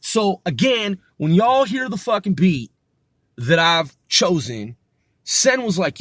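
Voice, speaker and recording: High-voiced man rambling about his rap. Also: very animated, slow, a bit bright, no room sound, studio quality. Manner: rambling, restarts often, swears casually. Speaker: rapper. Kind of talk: casual rehearsal talk with rapped lines.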